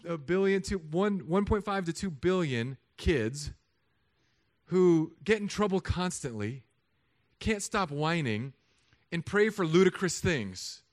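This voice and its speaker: A man in his thirties, a pastor, preaching a sermon with animated, humorous storytelling. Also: high voice, slow pace.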